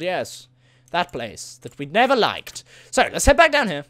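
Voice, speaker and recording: A man gives casual, rambling commentary while he plays a game, chatting to whatever creatures cross his path. His pitch jumps around a lot as he talks, and the sound is close and dry at a desk mic with no room echo. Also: huge pitch swings, moderate pace, pushed and bright. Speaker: gaming video host. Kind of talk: casual solo gameplay commentary.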